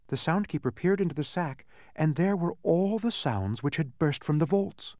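Man reading a storybook aloud, a light voice that swoops lively through each phrase, dry and close. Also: fairly high pitch, moderate pace, hardly any pauses, dry recording. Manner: expressive, sing-song reading. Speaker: narrator. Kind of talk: storybook narration.

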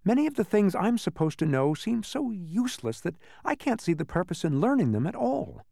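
A man's voice: high voice, big pitch swings, fairly quick, creaky, dark tone, no echo, studio quality, pitched above the performer's own voice, exaggerated voice. A man doing an earnest young boy, Milo. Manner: earnest, apologetic.

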